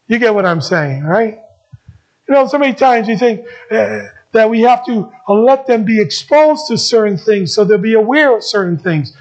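A middle-aged man preaches to his congregation in an earnest, high-pitched voice. He repeats key phrases and moves between emphatic lines and soft ones. The recording is dull and lo-fi. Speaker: pastor. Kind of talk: sermon.

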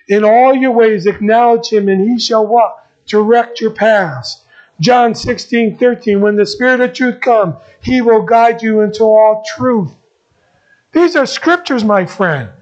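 A middle-aged man preaches to his congregation in an earnest, high-pitched voice. He repeats key phrases and moves between emphatic lines and soft ones. The recording is dull and lo-fi. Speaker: pastor. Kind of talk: sermon.

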